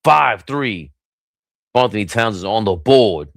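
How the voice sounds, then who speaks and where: A man's voice: lowish voice, expressive, a little slow, gravelly, no room sound, clean studio sound. A man streaming casual play-by-play commentary from home, hyped and playful with sing-song nicknames. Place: small room at home.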